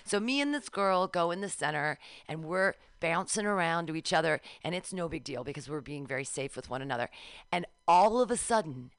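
Low-voiced woman telling a lively story. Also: fairly quick, no echo. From Southern California. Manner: animated storyteller, acts out quotes in a high voice. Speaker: radio co-host. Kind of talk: casual radio chat, storytelling. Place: radio studio.

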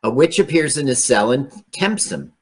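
A man's voice: medium pitch, very animated, normal speed, slightly rough. A man casually joking with a co-host over an old film, asking questions and putting on silly voices. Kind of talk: casual banter over a movie.

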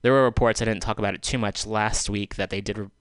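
A man's voice: on the low side, fairly even intonation, fast, clear, resonant tone, no echo. A male radio host giving solo commentary in a studio, exasperated and sarcastic, swearing as he vents, speaking into a handheld microphone. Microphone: handheld microphone taken off the stand.

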